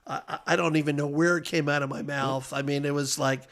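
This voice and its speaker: A man's voice: a little high, fairly even intonation, quick pace, fairly bright tone. A middle-aged man, a race announcer, telling stories in a rambling, casual way, often repeating himself and laughing as he talks. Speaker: race announcer, podcast guest. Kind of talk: casual storytelling chat.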